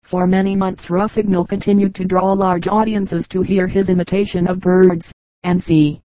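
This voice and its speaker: A woman reading a storybook aloud in measured, scripted narration. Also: lowish voice, flat delivery, warm tone, dry recording, low-quality recording. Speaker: audiobook reader.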